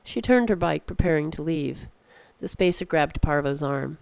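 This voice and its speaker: A narrator reading a story in a steady, measured way. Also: medium pitch, gravelly, clean tone, no room sound. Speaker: audiobook narrator.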